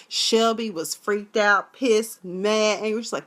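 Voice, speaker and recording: A woman giving a sassy, animated casual review of a TV episode, full of slang. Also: medium pitch, measured pace, hardly any pauses. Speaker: TV recap vlogger.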